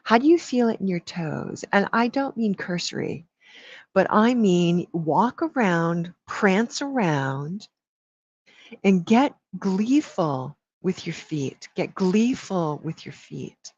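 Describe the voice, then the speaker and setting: Her voice sits on the low side, with lively intonation and an unhurried pace, and there's no echo in the room. As a woman energy healer doing a live reading, she lingers over her words and affectionately calls each person sweetheart and baby. Sound quality is dull and lo-fi.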